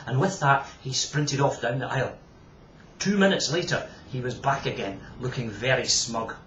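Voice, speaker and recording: Lively man reading a children's book. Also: mid-range voice, normal speed. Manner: lively, expressive, laughs while reading. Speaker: author reading his book. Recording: echoey room, distant dull mic.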